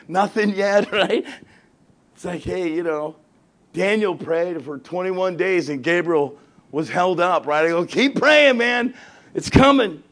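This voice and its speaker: High-voiced animated pastor telling stories. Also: male voice, slightly rough. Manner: animated, acts out both sides of conversations, laughs often. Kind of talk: storytelling sermon.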